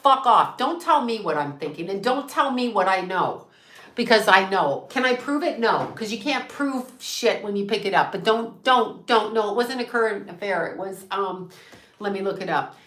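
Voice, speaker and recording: A woman's voice: medium pitch, expressive, moderate pace, a bit bright, echoey room. A woman who is a psychic medium, talking in a defiant, profane rant and repeating herself for emphasis on her channel. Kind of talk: ranting livestream chat.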